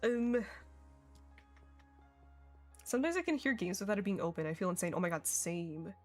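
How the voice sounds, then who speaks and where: A woman's voice: medium pitch, very animated, moderate pace. A young woman chatting casually and giggling while streaming a game. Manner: chatty, giggly, reacting to chat. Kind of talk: casual gaming stream chat. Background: faint music.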